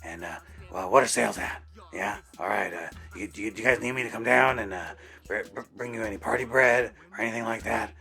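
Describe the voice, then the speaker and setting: A man putting on the voice of a chain-smoking, breathless older male store boss who rasps through his throat and stammers as he rambles. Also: on the low side, pushed and bright, soft background music. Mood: friendly, rambling. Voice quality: raspy, scratchy throat. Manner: halting, stammering, repeats words.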